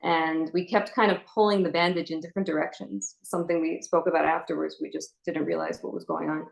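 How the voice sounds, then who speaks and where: A young adult woman gives a personal testimony as an inspirational speaker. Her voice sits low and has a gravelly, creaky edge. She tells the story earnestly and haltingly, with frequent fillers. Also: flat delivery, rough recording.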